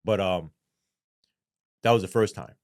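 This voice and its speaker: A man's voice: sits low, measured pace, dry recording, clean studio sound. A man in an interview telling his story bluntly and casually, swearing often and tagging his points with "right?". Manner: blunt, heavy swearing, frequent "right?" asides. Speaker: podcast guest, former police sergeant.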